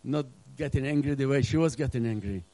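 A middle-aged male pastor preaching a sermon with earnest emphasis, now and then acting out scenes and dropping to a hush. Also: medium pitch, brisk, no room sound, low-quality recording. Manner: earnest preaching with acted-out asides, drops to a hush.

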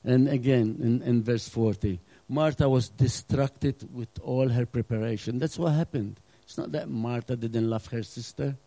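Male pastor, middle-aged, warm mellow tone, dry close sound, earnest sermon delivery. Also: mid-range voice, moderate pace, hardly any pauses, dry recording, low-quality recording. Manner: earnest preaching with acted-out asides, drops to a hush.

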